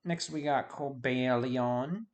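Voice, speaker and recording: A man's voice: mid-range voice, takes it slowly. A man giving casual video game commentary, rambling and forgetting names with self-deprecating asides. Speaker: YouTube host.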